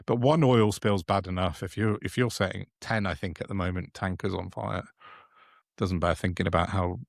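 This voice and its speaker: A man with a deep, low voice co-hosts a casual podcast. He rambles and restarts his sentences, sounding indignant about the news. The sound is dry and close. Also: steady tone, moderate pace, creaky, no room sound. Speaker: podcast co-host. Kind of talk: casual political chat.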